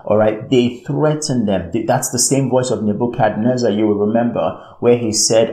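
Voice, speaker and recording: A man's voice: medium pitch, fairly even intonation, moderate pace, hardly any pauses, dark tone. Emphatic preacher man, roomy echo. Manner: emphatic, repeats phrases, checks in with "all right". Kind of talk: sermon.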